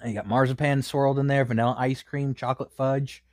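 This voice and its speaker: A man's voice: mid-range voice, level tone, a little fast, no room sound, clean studio sound. A man casually reviewing a snack, rambling with many fillers and a little out of breath. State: a bit out of breath.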